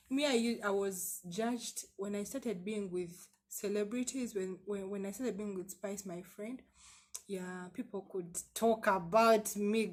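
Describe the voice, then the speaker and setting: A woman's voice: mid-range voice, darkish tone. A woman vlogger telling her personal story to camera in a candid, emphatic way, often repeating words and asking rhetorical questions.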